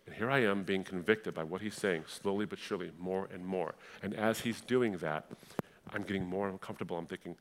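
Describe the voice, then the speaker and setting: A young adult man from the Middle East giving a passionate personal testimony in a sermon style, moving between hushed and fiery delivery. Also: low-pitched, fast talker.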